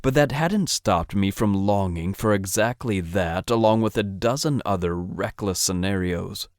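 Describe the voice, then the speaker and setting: A man narrates a first-person romance audiobook with intimate, steady storytelling. His voice sits fairly low. The recording is dry and close, with no room sound. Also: unhurried, no echo.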